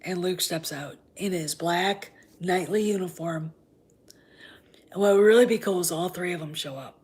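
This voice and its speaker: Brief: female fan-show host, casual rambling chat, husky and low, hushed asides. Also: normal speed. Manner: rambling, often drops into whispers.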